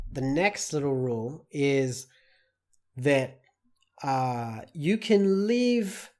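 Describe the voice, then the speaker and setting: Slow, deliberate male English teacher. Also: a little high, darkish tone. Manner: slow, deliberate explaining with many examples. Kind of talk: online English lesson.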